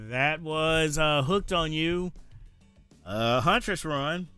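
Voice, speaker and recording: A man with a rural American country accent, chatting casually to his viewers while streaming a game, rambling with frequent pauses. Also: a little high, sharp tone, clear, resonant tone, soft background music. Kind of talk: casual gameplay stream commentary.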